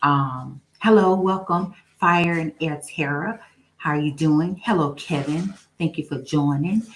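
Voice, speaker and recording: A woman's voice: low voice, a little slow, a little hiss or hum, poor audio. A young woman hosting a casual live stream, greeting viewers by name and testifying about her faith. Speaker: livestream host.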